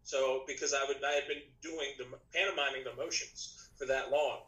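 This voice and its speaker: A man's voice: medium pitch, steady tone, brisk, fairly bright tone, muffled recording. Rambling man telling a story. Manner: rambling, many restarts and "you know". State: slightly rough voice, clearing throat. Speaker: podcast guest, musician. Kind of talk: casual storytelling chat.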